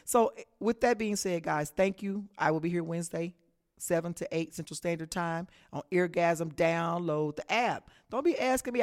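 A woman's voice: lowish voice, moderate pace, darkish tone. A woman from Texas with a Texan accent, hosting a solo radio talk show as an upbeat pep talk, saying "y'all" and "baby".

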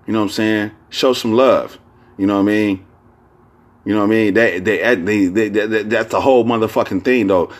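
Deep-voiced rambling podcast man. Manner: rambling, full of fillers and restarts, profane. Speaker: podcast host. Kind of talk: casual podcast monologue.

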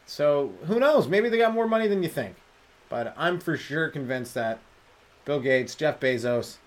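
Guy rambling thru a stoned comedy podcast rant, kinda high voice, goofy bits. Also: fairly bright tone. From Canada. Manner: riffing, slips into silly put-on voices and sung bits. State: high on weed. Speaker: stand-up comedian and podcast host.

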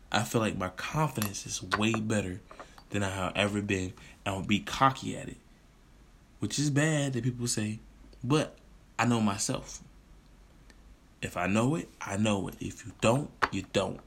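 A man's voice: fairly low pitch, fairly bright tone. A man co-hosting a casual chat, speaking earnestly and reflectively, often repeating "I feel like". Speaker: podcast co-host.

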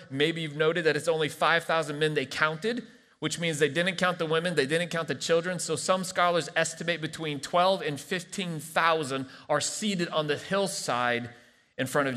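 A man preaches to his congregation, reading scripture and dropping in wry jokes between points. His voice sits a little high and comes across bright and forceful. The room behind him rings with a long hall reverb. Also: normal speed. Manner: playful, joking asides between scripture reading. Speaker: pastor. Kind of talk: sermon. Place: large church hall.

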